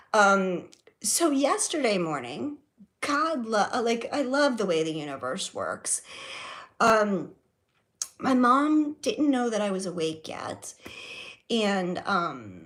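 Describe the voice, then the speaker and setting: A woman's voice: on the high side, a bit bright. A middle-aged woman telling a story on her vlog at home, emphatic and profane, rambling with fillers and repeated words. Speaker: vlogger.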